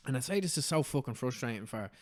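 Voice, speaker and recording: A man's voice: medium pitch, expressive, fast. An Irish man hosting a podcast, chatting casually with lots of swearing and "do you know what I mean". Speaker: podcast host.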